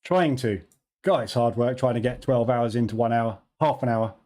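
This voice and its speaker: This mid-range, slightly mellow male voice moves at a moderate pace. Through a studio mic, he runs a live trading stream, calling out viewers by name, chatting loosely, and laughing readily.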